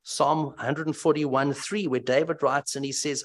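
A man preaching an expository sermon, emphatic and animated, asking rhetorical questions. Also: fairly high pitch, a little slow, few pauses.

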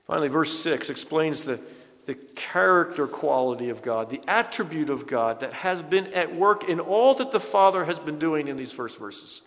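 A man preaching a sermon in an earnest, emphatic way, slowing down to stress key words. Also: a little high, lively intonation, fairly bright tone, long reverb tail. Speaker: pastor.

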